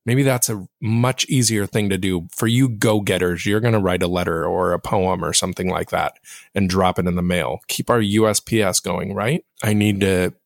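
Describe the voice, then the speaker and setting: Fairly monotone man hosting a podcast. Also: low-pitched, normal speed, creaky, dry recording, clean studio sound. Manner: reflective, self-deprecating, speaks straight to listeners. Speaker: podcast host. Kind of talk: casual solo podcast monologue.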